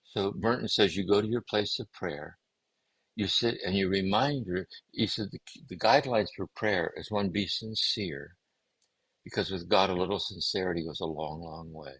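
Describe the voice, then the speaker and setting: A man speaking as a guest, giving a gentle, meditative talk on contemplative prayer and often circling back to repeat his phrases. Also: sits low, normal speed, husky, no echo, low-quality recording. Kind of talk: reflective spiritual teaching.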